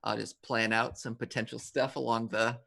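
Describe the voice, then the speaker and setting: Rambling gravelly man as game master. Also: mid-range voice, little pitch movement, normal speed, sharp tone. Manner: rambling, many fillers and restarts. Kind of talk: narrating a tabletop game.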